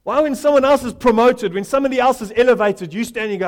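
A man preaching a sermon, building to loud emphatic questions and answers, and acting out the characters of the story he tells. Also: extremely high pitch, fast talker. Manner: rising to loud emphatic call-and-response; acts out Bible characters in quoted voices. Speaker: pastor.

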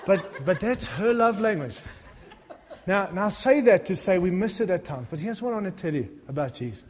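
High-voiced male pastor in an echoing hall. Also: expressive, moderate pace, a little hiss or hum. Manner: humorous, self-deprecating storytelling that builds to fervent appeals. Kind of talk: sermon.

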